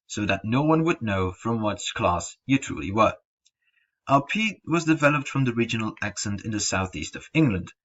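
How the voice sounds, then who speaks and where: A young man reads a slideshow presentation aloud in a low, husky voice. He keeps a steady scripted pace and trips over a word now and then. The recording is dull and lo-fi, as if made at home. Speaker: student presenter.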